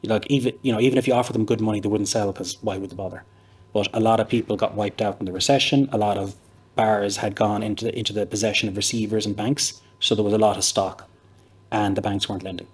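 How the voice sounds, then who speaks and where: Irish guy rattling off a long story, low husky voice, chatty and rambly. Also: flat delivery, fast talker. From Ireland. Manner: chatty, anecdotal, rambling with fillers. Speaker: pub owner, interview guest. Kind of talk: casual interview storytelling.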